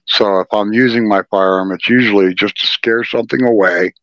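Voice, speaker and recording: A man's voice: fairly low pitch, fairly even intonation, brisk, fairly bright tone, dry recording. A man in a casual interview, speaking earnestly and emphatically over a dull, lo-fi remote line. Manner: earnest, emphatic, repeats "okay". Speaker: podcast guest, ufologist.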